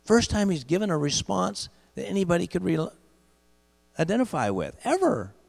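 Gravelly preacher in an echoing hall. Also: male voice, sits high, wildly swooping pitch. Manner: builds to loud emphatic peaks, slows for key phrases. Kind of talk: sermon storytelling. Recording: long hall reverb with mains hum.

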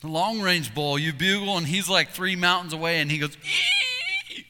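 A man delivers a sermon and tells hunting stories in a very bright, slightly high voice. He is animated and acts out calls and voices as he goes. His words ring with the long reverb of a hall. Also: a little fast. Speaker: preacher.

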